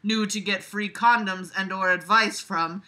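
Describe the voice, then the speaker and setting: A woman's voice: medium pitch, fairly even intonation, measured pace, sharp tone. A woman reading a web story aloud at home, with sarcastic asides and laughter while playing with her cat. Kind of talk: casual reading with commentary.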